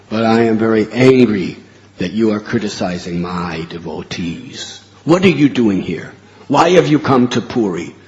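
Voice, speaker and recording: A man voicing a stern male deity who scolds a devotee loudly and harshly. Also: medium pitch, long reverb tail, muffled recording, natural voice.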